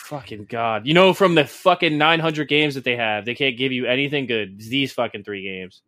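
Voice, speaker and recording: A man's voice: mid-range voice, moderate pace, pushed and bright, slight background noise. A man co-hosting a casual podcast, rambling along with plenty of swearing and sarcasm. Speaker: podcast co-host.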